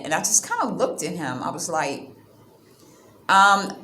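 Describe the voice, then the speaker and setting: Woman vlogger, lowish voice, animated and indignant storyteller, roomy sound with faint background hum. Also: measured pace, pauses often. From United States. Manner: animated, indignant retelling with quoted exchanges. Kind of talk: casual storytelling to camera.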